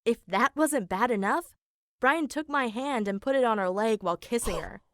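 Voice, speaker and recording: A woman's voice: a little high, expressive, normal speed, no echo. A woman voicing an eighteen-year-old girl narrating her own story in an animation, in a plain, matter-of-fact way, as scripted first-person narration. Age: young adult.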